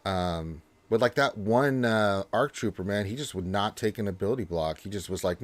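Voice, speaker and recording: A man hosting a casual gaming live stream, reading viewer chat in a loose, chatty way with restarts and sudden lifts in pitch. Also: moderate pace, hardly any pauses.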